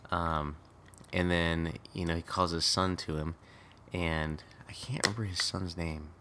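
A man's voice: low-pitched, steady tone, a little slow, background noise. A man co-hosting a podcast, recapping a movie in casual chat and laughing often. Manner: laughs often, mocks the acting. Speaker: podcast co-host.

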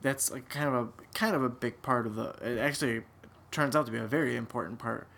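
Guy joking around about a movie, lots of ums, bright voice. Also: medium pitch, steady tone, fast, creaky. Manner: jokey, hesitant, many fillers. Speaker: podcast co-host. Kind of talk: casual movie recap chat.

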